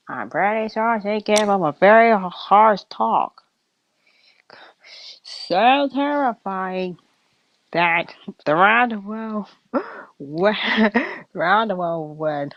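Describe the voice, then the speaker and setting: A giggly woman hosting a casual chat, telling a playful story in an animated, unhurried way. Her voice rises and falls a lot. The recording is dull, lo-fi and dry. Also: mid-range voice, no room sound. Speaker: host.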